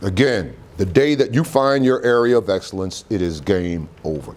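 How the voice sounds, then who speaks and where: A man's voice: fairly low pitch, normal speed. A man giving a motivational speech to an audience, full of rhetorical questions. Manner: animated preacher-like delivery with rhetorical questions. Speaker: motivational speaker. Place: auditorium.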